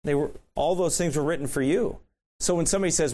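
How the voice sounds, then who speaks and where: A man's voice: a little high, quick pace, dark tone. A man preaching a sermon in a conversational way, asking rhetorical questions.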